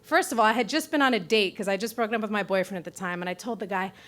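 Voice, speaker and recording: A woman from Brooklyn telling a true story on stage at a live story slam, profane, self-mocking and animated. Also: medium pitch, rapid-fire. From Brooklyn, New York.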